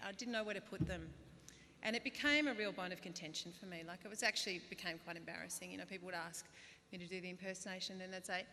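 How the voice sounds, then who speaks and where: An Australian woman in her thirties giving a humorous, self-deprecating graduation speech, now and then bursting into loud put-on voices. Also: fairly low pitch, quick pace, a little hiss or hum. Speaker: guest speaker. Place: large hall. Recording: reverberant hall, faint ambience.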